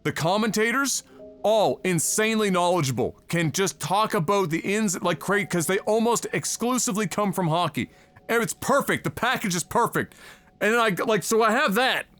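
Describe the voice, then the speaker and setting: A young man from Canada rants on a live stream, sarcastic and exasperated, and he swears constantly. His voice sits fairly high for a man. Soft music plays faintly in the background. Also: expressive, moderate pace. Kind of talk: profane ranting commentary on a live stream.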